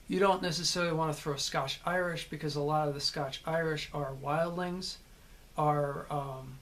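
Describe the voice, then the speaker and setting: A man's voice: on the high side, fairly bright tone. A middle-aged American man, an actor, explaining character and accent work in a casual, conversational way, often checking in with "okay?". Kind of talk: casual acting lesson to camera.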